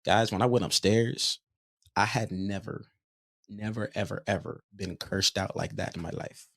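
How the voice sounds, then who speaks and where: A man with a fairly low voice, a podcast host and youth basketball coach, tells a story in relaxed, casual talk. He gets animated and repeats words when he is worked up. The sound is dry and close, with no room echo. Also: normal speed, creaky.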